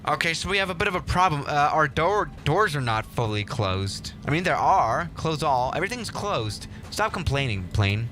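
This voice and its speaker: Lively, bright-voiced excitable young man. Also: a little high, normal speed, hardly any pauses, a little hiss or hum. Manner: excitable, rambling, self-mocking. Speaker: livestream host. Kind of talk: casual game livestream commentary.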